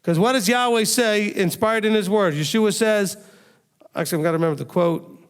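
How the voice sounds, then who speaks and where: A man's voice: sits high, fairly quick, clean tone. A man preaching a sermon as a rabbi, emphatic and firing rhetorical questions at his listeners. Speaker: rabbi teaching a congregation.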